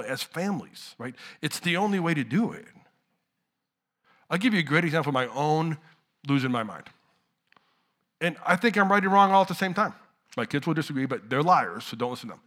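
A middle-aged man preaching a sermon in a casual, talky way, his voice bright and forward. He sinks to near-whispers on key words and then surges loud again. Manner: conversational preaching, swings from hushed lows to loud outbursts. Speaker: pastor.

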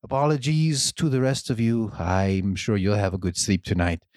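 A man voicing a menacing, smooth-talking jailer who speaks softly and slowly. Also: fairly low pitch, steady tone, no room sound, clean studio sound, natural voice. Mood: mock-polite. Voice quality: soft, slow, threatening.

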